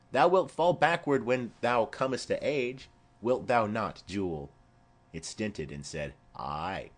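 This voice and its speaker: A man reading a rambling old nurse. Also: medium pitch. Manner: rambling, fond, earthy asides. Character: chatty old female nurse, rambling and doting. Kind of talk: audiobook play reading.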